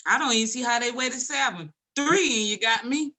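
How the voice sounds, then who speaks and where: A bright, fairly high female voice with a lively, varied pitch. She adds short remarks in casual conversation. She often laughs as she speaks. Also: fairly quick. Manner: brief chiming-in remarks and laughter.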